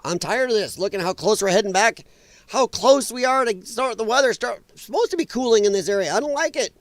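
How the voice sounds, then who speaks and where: A man's voice: sits high, animated, brisk, no echo. A man hosting a political livestream, ranting bluntly and sarcastically with profanity and greeting viewers in chat by name. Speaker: political stream host. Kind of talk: livestream commentary.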